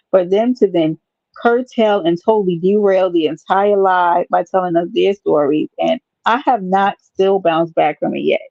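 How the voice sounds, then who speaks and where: Woman live-stream host, gravelly, playful rambling chat, dull dry lo-fi sound. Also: on the low side, dry recording.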